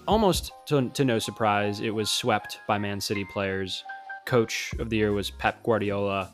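A man co-hosting a casual podcast on a video call, talking in a halting, playful way with lots of fillers. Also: on the low side. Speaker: podcast co-host.

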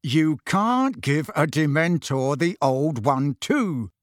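A man's voice: a little high, lively intonation, moderate pace, no room sound, clean studio sound. A man voicing an impatient teenage boy. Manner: impatient and clipped. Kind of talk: audiobook character voice.

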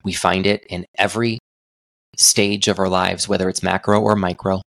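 A man's voice: low-pitched, level tone, normal speed, creaky, a bit bright, no echo. A young adult man hosting a solo podcast, talking in an earnest, reflective way with frequent restarts. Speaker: podcast host.

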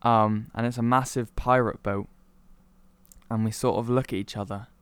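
A man's voice: medium pitch, steady tone, moderate pace, smooth, dry recording. Brief: young male co-host from Cornwall, rambling storyteller, clean dry voice. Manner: rambling storyteller with many ums. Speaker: podcast co-host. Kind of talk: casual chat, telling a made-up story.

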